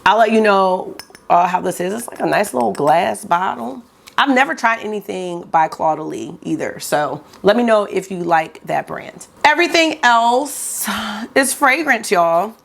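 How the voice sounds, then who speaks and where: A woman's voice: lowish voice, moderate pace, vocal fry. A woman, chatting casually and gushing to viewers as a beauty vlogger. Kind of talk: casual haul chat to camera.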